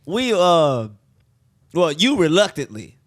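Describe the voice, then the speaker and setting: A man with a high, lively voice riffs as co-host of a comedy podcast, loose and slangy. His delivery is animated and full of teasing, and the recording is dry and close. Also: takes it slowly, no room sound. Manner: loose, joking, slangy banter. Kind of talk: casual comedy podcast chat.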